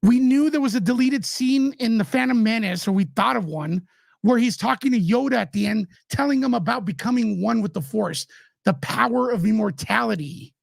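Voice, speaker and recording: A man's voice: very high voice, expressive, normal speed, creaky, dry recording, studio quality. A man who is a guest commentator in a casual podcast chat, ranting with passion and frustration.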